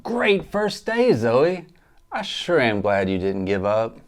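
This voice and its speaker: A man playing a gentle, reassuring friend. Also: medium pitch, wildly swooping pitch, takes it slowly, soft background music. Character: kind, supportive male friend. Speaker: caller in a church skit. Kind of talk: amateur stage skit.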